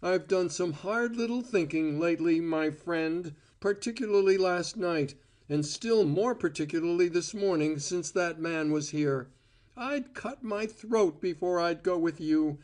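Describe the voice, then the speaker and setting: A man reading an audiobook voices a furious, scornful young woman with a shrill, screaming tone. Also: unhurried, darkish tone. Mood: cold, bitter. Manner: scornful and bitter. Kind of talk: audiobook character voice.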